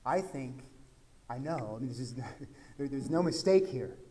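A man from Texas, a pastor, preaching a conversational sermon that swings from quiet asides to loud, emphatic peaks. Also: mid-range voice, animated, a little slow, a little hiss or hum.

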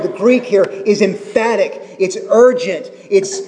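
High-voiced preaching man, hall reverb. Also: lively intonation, measured pace, few pauses, dark tone. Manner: earnest expository preaching with asides. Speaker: pastor. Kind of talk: sermon.

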